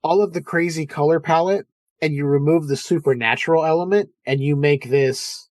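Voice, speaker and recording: Man, podcast host, lively storyteller, slightly high voice, dry sound. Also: normal speed, no room sound. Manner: animated storyteller, acts out film scenes. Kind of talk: casual film chat.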